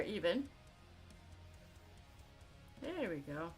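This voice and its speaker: A woman's voice: medium pitch, lively intonation, measured pace, a bit bright. A young Scottish woman chatting casually while she draws on a livestream, talking about herself with a chatty, self-mocking humor and laughing often. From Scotland. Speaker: artist streamer. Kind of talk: casual chat while drawing on stream. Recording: faint music behind.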